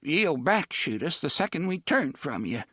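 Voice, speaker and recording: A man's voice: a little high, big pitch swings, unhurried, vocal fry, bright, forceful tone, dry recording, studio quality, voice pushed up, full character voice. A man reading aloud, voicing a timid old male servant who speaks in a trembling, pleading way. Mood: fearful.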